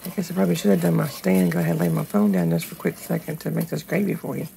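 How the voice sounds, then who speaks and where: Hoarse woman cooking at home. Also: deep voice, very fast, dark tone, slight background noise, rough recording. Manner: chatty, talks straight to viewers. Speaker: home cooking channel host. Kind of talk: casual cooking demonstration. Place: home kitchen. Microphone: phone held in one hand.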